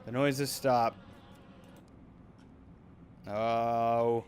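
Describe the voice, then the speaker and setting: A man hosting a let's play, reading game text aloud calmly while he plays. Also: mid-range voice, drawn-out words, a little hiss or hum.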